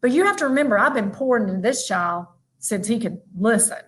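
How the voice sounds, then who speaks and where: A woman giving a lively, emphatic motivational keynote, talking straight to her audience. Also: fairly high pitch, fairly quick, a little hiss or hum. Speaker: motivational speaker. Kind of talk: virtual keynote talk.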